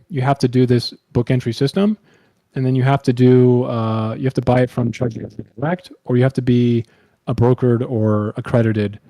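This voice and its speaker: A man's voice: medium pitch, warm tone, dry recording. A man hosting a casual online debate over a voice call, explaining at length and swearing bluntly.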